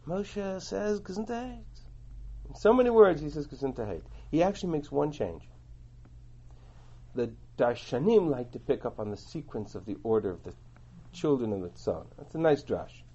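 Husky animated man teaching a class. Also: medium pitch, normal speed. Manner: animated, explaining, reads and translates passages. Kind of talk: Torah class lecture. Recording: dull lo-fi recording.

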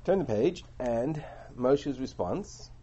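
A man teaching a Torah class, explaining and translating verses in an animated way, on a dull lo-fi recording. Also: medium pitch, slow, a little hiss or hum.

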